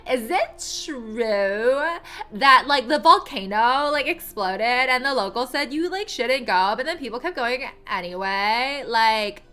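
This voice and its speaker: A woman putting on a bubbly, gossipy young valley girl voice with a Valley Girl accent, vocal fry and endless "like"s. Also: a little high, expressive, slow, pushed and bright, faint music behind, full character voice. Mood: gushing. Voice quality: vocal fry, upspeak, "like" fillers.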